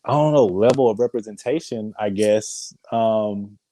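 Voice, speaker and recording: A man co-hosting a podcast in casual chat, animated and slangy, with lots of hesitant restarts. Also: on the low side, unhurried, no room sound, low-quality recording. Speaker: podcast co-host.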